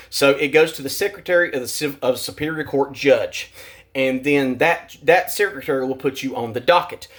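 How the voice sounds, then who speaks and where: A man ranting to camera in a vlog. He talks heatedly, repeats words, restarts his sentences and swears. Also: mid-range voice. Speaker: vlogger. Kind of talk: agitated rant to camera.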